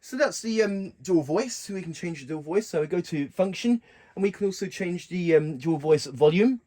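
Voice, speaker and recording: A man giving a casual keyboard tutorial, talking haltingly and often stopping to correct himself. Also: high voice, expressive. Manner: halting, stops to correct himself mid-sentence. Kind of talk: casual demonstration walkthrough. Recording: loud keyboard music over the voice. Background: keyboard sounds being demonstrated.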